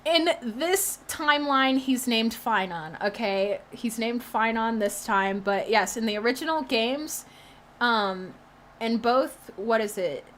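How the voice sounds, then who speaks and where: A young woman streaming, reacting loudly with shrieks and swearing, then rambling casually about what she watched. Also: a little high, slow pace, slight background noise.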